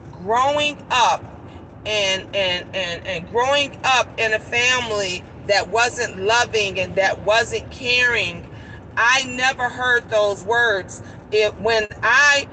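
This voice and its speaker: A woman's voice: a little high, pushed and bright, a little hiss or hum, low-quality recording. A middle-aged woman vlogging in casual chat from a car, telling stories in a rambling, emphatic way with many restarts.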